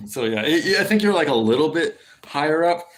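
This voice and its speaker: A man's voice: fairly high pitch, expressive, a little fast, slight background noise. A man chatting casually on a livestream, rambling and swearing freely, with many fillers and restarts as he answers viewers. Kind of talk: casual stream chat.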